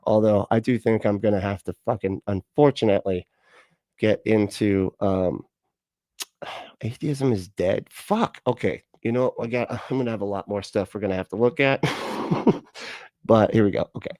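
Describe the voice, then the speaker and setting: A lowish male voice, close and dry with no room sound, reacting to videos on a livestream. He is sarcastic and swears freely, laughing at what he watches and chatting with his viewers. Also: fairly even intonation, moderate pace, warm tone, no echo. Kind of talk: casual livestream reaction and chat.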